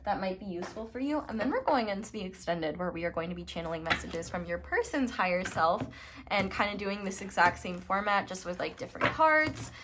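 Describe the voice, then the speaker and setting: A young woman chats her way through a tarot reading, rambling and dropping fillers as she goes. Her voice sits at a middle pitch, relaxed and conversational. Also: fairly quick, background noise. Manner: chatty, rambling, lots of fillers. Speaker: tarot reader. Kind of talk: casual tarot reading to camera.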